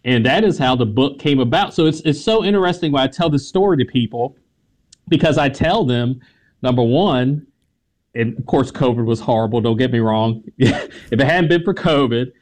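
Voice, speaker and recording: Southern US man, author guest, animated storyteller, mid pitch, prone to repeating himself. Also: normal speed. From American South. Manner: animated, laughs often, repeats words. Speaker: author, history teacher. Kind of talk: interview storytelling.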